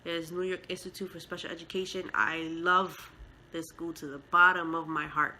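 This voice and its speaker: Mother telling her story to camera, heartfelt and emotional, bright voice, lots of fillers. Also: on the low side, level tone, normal speed, a little hiss or hum, poor audio. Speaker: mother and vlogger. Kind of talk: casual storytelling vlog.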